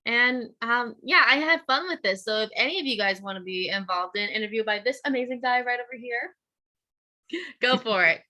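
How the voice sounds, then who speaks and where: Bubbly, bright-voiced woman interview guest. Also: on the high side, animated. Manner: bubbly, chatty, quick laughs. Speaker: guest, teacher and cosplayer. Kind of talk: casual interview chat.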